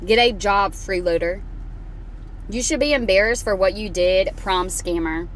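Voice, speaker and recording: A woman's voice: mid-range voice, a little slow, a little hiss or hum. A woman in her thirties giving casual reaction commentary, blunt and mocking, reading live chat aloud. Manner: blunt, mocking, repeats short jabs.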